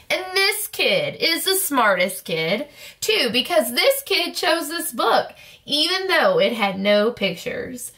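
A woman teacher reads a children's book aloud, playful and full of mock protest. Her voice sits high and sounds bright and crisp. She takes her time, with an unhurried, deliberate pace.

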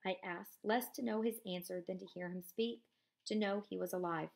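Gravelly-voiced teacher reading aloud. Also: female voice, medium pitch. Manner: measured reading, casual asides. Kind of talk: reading a novel aloud with comments.

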